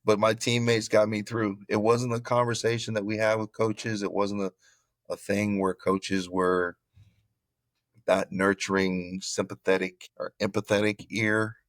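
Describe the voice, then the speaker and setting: A middle-aged man from Florida, a former football player, telling his story in an interview with animated, repeated phrases. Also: fairly low pitch, a little slow, no echo.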